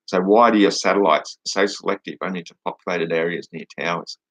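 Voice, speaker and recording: A man's voice: sits low, a little fast, fairly bright tone, no echo, low-quality recording. A man hosting a casual livestream, answering chat questions in a mocking, dismissive way and swearing now and then.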